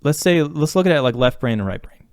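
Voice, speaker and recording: Talking fast in a slightly high voice with lively intonation, a podcast co-host reflects earnestly on therapy in casual conversation. He uses lots of fillers and restarts, and the studio-quality audio has no echo.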